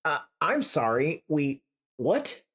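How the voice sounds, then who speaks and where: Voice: mid-range voice, sing-song, slow, fairly bright tone, slightly rough, full character voice. A reader voicing a male police detective who sounds incredulous and exasperated.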